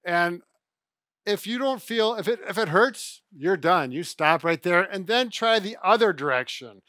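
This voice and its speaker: A middle-aged man talks through stretches in a loose, chatty way, circling back and correcting himself as he goes. His voice is bright and forceful, sitting a little high, and the recording is dry with no room echo. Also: expressive, unhurried. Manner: chatty, self-correcting, demonstrates exercises. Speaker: physical therapist co-host. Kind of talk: casual instructional chat.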